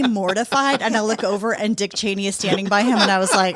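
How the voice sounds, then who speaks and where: A woman in her fifties, a guest on a podcast, telling lively anecdotes and acting out what people said. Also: mid-range voice, quick pace. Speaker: podcast guest, sports executive. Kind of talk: conversational interview storytelling.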